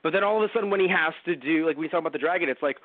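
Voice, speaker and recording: A man on a podcast, chatting loosely about a cartoon and tossing in quick impressions of its characters as he goes. His voice sits a touch high. The sound is dry and narrow, as if heard over a phone line. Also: no echo. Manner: rambling, acts out characters in quick asides. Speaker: podcast co-host. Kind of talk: casual anime review chat.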